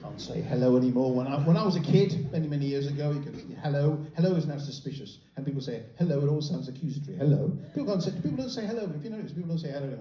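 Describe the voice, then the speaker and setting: A man's voice: a little high, rapid-fire, hardly any pauses, mellow. A middle-aged man doing a stand-up comedy set, sardonic and freely swearing, often mimicking other people in raised voices. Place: comedy venue with a live audience. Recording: roomy live venue, distant mic, crowd noise. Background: audience laughter.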